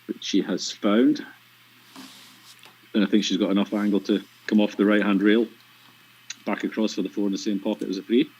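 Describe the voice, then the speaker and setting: A man's voice: fairly low pitch, little pitch movement, normal speed, pauses often, a little mellow, husky. A man with a Scottish accent commentating on a pool match, dry and teasing as he explains shots. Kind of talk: live sports commentary with banter. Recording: lo-fi stream audio.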